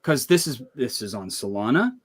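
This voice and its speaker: A man's voice: medium pitch, sing-song, normal speed, slightly rough. A man hosting a casual livestream, upbeat and hyping things up, often restarting his sentences. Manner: upbeat hype, rambling restarts. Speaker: livestream host.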